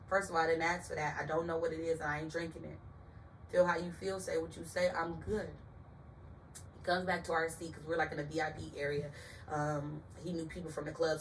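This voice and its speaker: A woman telling a personal story in an emphatic, animated way, talking straight to her listeners. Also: lowish voice, recorded from a distance, slight background noise, rough recording.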